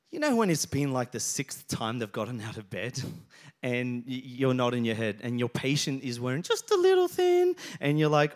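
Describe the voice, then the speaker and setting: A man, a pastor preaching a sermon, telling stories and building to loud, emphatic passages. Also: on the high side.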